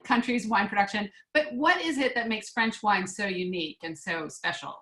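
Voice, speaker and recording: A woman's voice: medium pitch, normal speed, fairly bright tone. An American woman hosting an online class interview, chatty and friendly with lots of fillers, on a video call. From United States. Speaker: host. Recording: echoey room.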